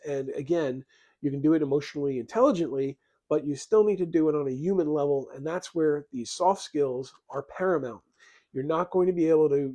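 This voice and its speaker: A man with a fairly high-pitched voice delivers an emphatic motivational talk on leadership. He speaks plainly and directly, now and then acting out quoted dialogue. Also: dark tone. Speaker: leadership educator.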